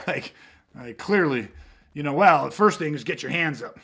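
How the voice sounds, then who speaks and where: A man's voice: on the high side, expressive, slow, creaky, long pauses, a bit bright, slightly rough. A man, a self-defense instructor, telling stories in a casual podcast chat, rambling and swearing, with lots of "you know what I mean".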